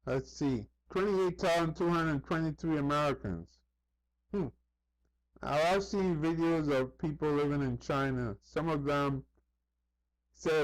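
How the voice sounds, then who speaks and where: A man talks in a loose, conversational vlog style, often turning to the listener with "you see?". His voice sits a bit high for a man. The recording is dry and close, with no room sound. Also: unhurried, no room sound, low-quality recording. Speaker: vlogger. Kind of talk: casual commentary to camera.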